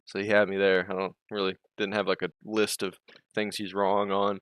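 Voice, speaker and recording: A man's voice: sits low, completely flat delivery, normal speed, fairly bright tone, clear, resonant tone, no echo, studio quality. A man streaming and chatting casually, rambling, interrupting himself, swearing and laughing often.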